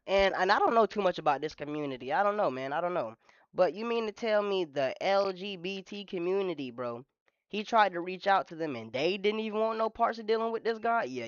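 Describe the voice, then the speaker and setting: Woman, live reaction streamer, slangy chat talk, low voice, very animated pitch, dry dull mic sound. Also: no room sound. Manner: exaggerated, slangy, talking to chat, drops low for emphasis.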